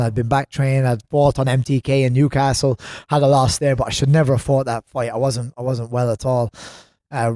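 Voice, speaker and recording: Irish guy in his thirties, podcast guest, chatty rambling storyteller, mid-pitched voice. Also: warm tone, no room sound, clean studio sound. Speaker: podcast guest, gym co-owner. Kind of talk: casual podcast chat.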